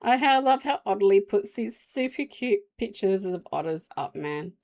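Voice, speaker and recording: A woman's voice: mid-range voice, expressive, normal speed, a little mellow. An Australian woman chatting casually to her viewers while streaming a game, rambling from topic to topic. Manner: rambling, chatty, talks to chat while playing. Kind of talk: casual live-stream chat.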